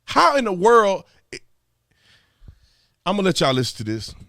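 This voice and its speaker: A man's voice: sits high, moderate pace, no room sound, clean studio sound. A man from Texas, hosting an exasperated political commentary rant and repeating his points. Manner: animated, exasperated, repeats himself. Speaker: commentary host.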